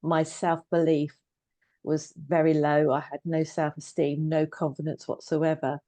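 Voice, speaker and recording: Low, flat-voiced woman in her fifties. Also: measured pace, dry recording. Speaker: guest, trauma coach and therapist. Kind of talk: personal story in casual conversation.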